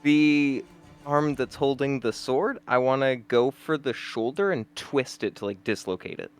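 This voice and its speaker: A man playing a tabletop game, speaking hesitantly and with soft laughs. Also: medium pitch, a little slow, smooth, soft background music. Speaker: player.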